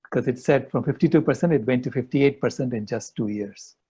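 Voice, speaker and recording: A man's voice: medium pitch, a little fast, dark tone, husky. An older man, a guest in an interview, earnestly telling a personal story. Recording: dull lo-fi audio.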